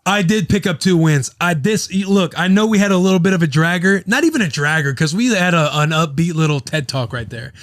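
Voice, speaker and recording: A man's voice: a little high, expressive, brisk, few pauses, dry recording, studio quality. A man in his thirties hosting a podcast, rambling and joking, with casual swearing and a loose ad read. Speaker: podcast host.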